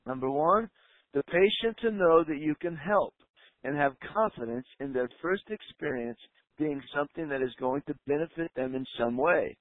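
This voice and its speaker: A man's voice: on the high side, dry recording, poor audio. Male coach, emphatic teaching delivery, leans on key words, dry close sound. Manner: emphatic, slows down to stress key points. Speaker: practice coach. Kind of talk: training talk.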